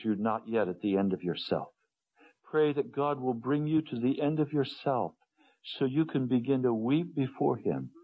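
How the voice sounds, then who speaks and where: A man preaching an earnest sermon, dropping to low hushed tones and rising to pleading ones. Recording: dull lo-fi sermon recording.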